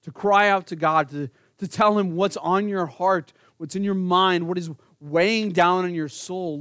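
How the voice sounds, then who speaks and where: A man's voice: high voice, measured pace, few pauses, a bit bright, clear, resonant tone, no echo, clean studio sound. A man preaching an earnest sermon, speaking directly to his congregation and rising into pleading emphasis. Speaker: pastor.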